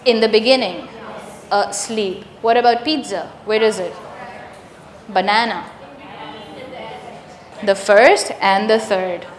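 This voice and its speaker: A woman's voice: mid-range voice, slow pace, long pauses. A woman leading a live teacher workshop, patiently drilling sounds and quizzing the room. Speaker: workshop trainer. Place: large echoey hall. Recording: roomy hall reverb, faint ambience.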